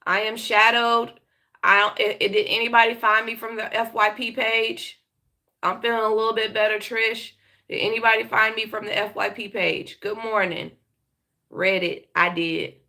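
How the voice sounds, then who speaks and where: A woman's voice: fairly high pitch, vocal fry, bright, forceful tone. A woman hosting a casual live stream, blunt and swearing freely, a bit sick and talking with a slight lisp from her braces. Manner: blunt, swearing, greets chat viewers by name. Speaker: live show host.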